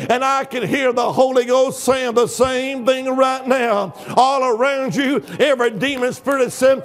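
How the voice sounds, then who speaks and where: An older man preaching with shouted hallelujahs, acting out dialogue from his story. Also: very high-pitched, fairly even intonation, moderate pace, few pauses. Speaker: guest preacher. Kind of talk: Pentecostal-style sermon.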